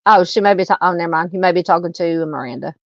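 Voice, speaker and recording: A middle-aged Southern woman on the low side talks quickly as she hosts a live true crime stream, greeting viewers and reading comments in a rambling, filler-heavy way with many restarts. She has hiccups, and the muffled recording has no echo.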